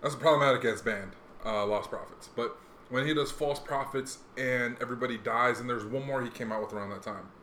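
Rambling young man in an echoey room. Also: mid-range voice. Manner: rambling, fast and animated, lots of fillers. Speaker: podcast host. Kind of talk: casual chat. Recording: echoey room, faint noise.

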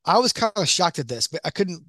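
A man co-hosting a casual podcast, asking questions in a halting way with many restarts. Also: fairly high pitch, sing-song, sharp tone, no room sound, studio quality. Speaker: podcast co-host. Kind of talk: casual chat.

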